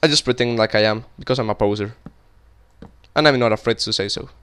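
A young man commentating his game casually, cursing a lot and yelling in panic when monsters show up. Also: medium pitch, quick pace, smooth. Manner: casual, swears often, cries out in panic at monsters. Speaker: gaming YouTuber. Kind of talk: Minecraft let's play commentary.

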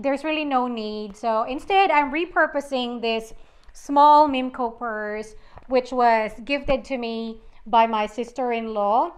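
Slow-talking woman vlogger. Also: on the high side, fairly bright tone. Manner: chatty, conversational, shows items one by one. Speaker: fashion vlogger. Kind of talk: casual vlog chat.

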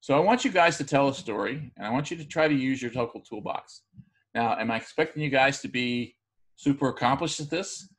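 A man teaching a recorded class lecture, explaining in a relaxed, conversational way with frequent fillers and restarts. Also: mid-range voice, fairly quick.

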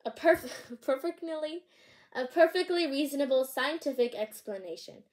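A woman's voice: high-pitched, lively intonation, normal speed, darkish tone. Woman reading a smug know-it-all girl. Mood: matter-of-fact. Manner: matter-of-fact, a little smug.

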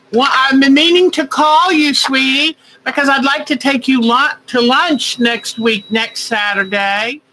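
A woman's voice: high-pitched, sharp tone, slight background noise, low-quality recording. A woman hosting a quilting live stream, chatting casually and greeting viewers by name with rambling asides.

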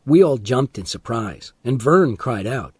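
A man narrating an audiobook of a graded reader in a slow, deliberate and expressive style. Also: mid-range voice, husky, no room sound, studio quality.

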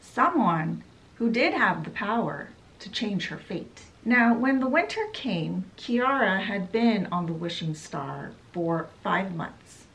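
A woman's voice: medium pitch, very animated, slow pace, fairly bright tone. A woman casually summarizing a book in a meandering way, with lots of fillers. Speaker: book vlogger.

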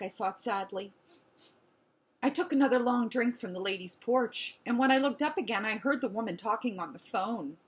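A woman reading a children's picture book aloud with expressive storytelling. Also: a little high, moderate pace. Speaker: storybook reader.

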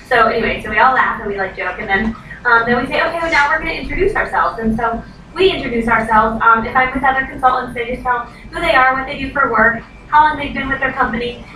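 A woman's voice: on the high side, sharp tone. A woman in her thirties, a direct sales consultant, giving a chatty training talk and acting out quoted voices. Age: 30s. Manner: chatty, acts out quoted voices, says "like" often. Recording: echoey, noisy room from far off.

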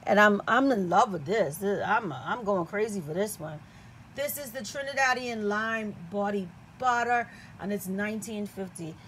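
A woman's voice: mid-range voice, animated, normal speed, a bit bright, a little hiss or hum. A woman from the Caribbean giving a chatty, enthusiastic unboxing review, often checking in with "okay?". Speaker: product reviewer.

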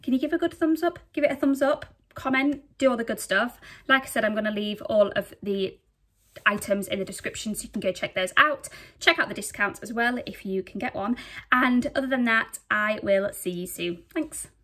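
A woman's voice: medium pitch, normal speed, pushed and bright. A young woman chatting casually through a clothing try-on haul, out of breath, giggly and full of fillers. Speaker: vlogger.

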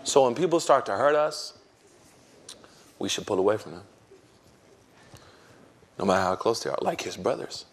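A man who serves as an imam, giving an informal religious talk to an audience. He tells stories in an animated way, using slang and acting out what people said. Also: lowish voice, moderate pace, long pauses, husky. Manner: animated storytelling with slang and acted-out quotes.

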